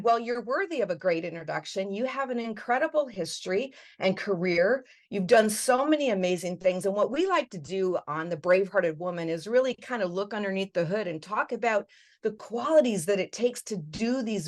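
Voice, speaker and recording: A woman's voice: medium pitch, animated, normal speed. A woman hosting an interview show, speaking in an enthusiastic, motivational and encouraging way. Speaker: host.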